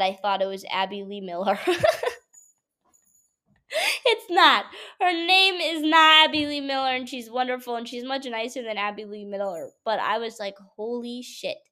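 A young woman talks casually to her viewers from home, rambling through stories about her classes with plenty of fillers. Her voice sits a little high for a woman. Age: young adult. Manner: chatty, animated storytelling with frequent fillers. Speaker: college student vlogger. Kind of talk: casual vlog chat.

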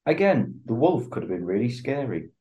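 Brief: male co-host, mid-pitched, dry and wry. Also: sing-song, moderate pace, dark tone, dull audio. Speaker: podcast co-host. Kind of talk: casual chat.

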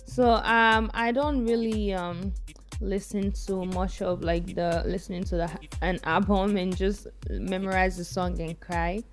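A woman's voice: medium pitch, steady tone, unhurried, soft background music. A woman, a podcast guest talking casually and emphatically, often laughing and repeating herself for stress.

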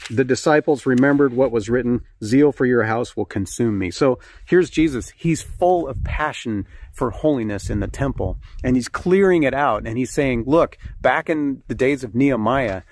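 A man preaching a conversational sermon, reading scripture and talking earnestly with fillers and restarts. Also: mid-range voice.

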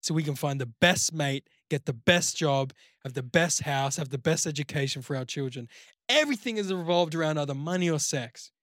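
Slightly high and fairly quick, this animated, somewhat bright male voice belongs to an Australian podcast co-host spinning a lengthy, crude anecdote loaded with curses and "like." It's a dry, clean studio recording of casual chat.

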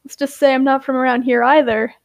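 A woman's voice: high voice, flat delivery, a little fast, no echo. A woman voicing a cocky, dismissive edgy teen stranger in a read-aloud role-play story. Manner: sighing, dismissive.

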